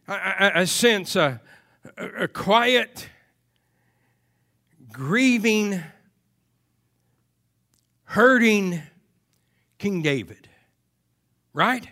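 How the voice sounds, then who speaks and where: Preaching in a high-pitched voice, this man swings between soft, hushed stretches and loud, forceful outbursts full of repetition.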